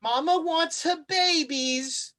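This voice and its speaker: An eerie monstrous mother creature croons in a pitched-up singsong, put on by a man running a tabletop game. The voice is loud and coaxing, stretching out each call. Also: heavily acted. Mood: creepy. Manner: calls out in a high, drawn-out singsong.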